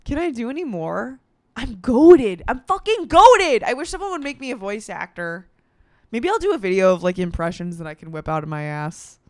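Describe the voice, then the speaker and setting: A woman's voice: on the high side, lively intonation, moderate pace, no echo, clean studio sound. A woman in her twenties, talking in a playful, rambling, swearing comedic monologue. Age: 20s. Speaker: vlogger.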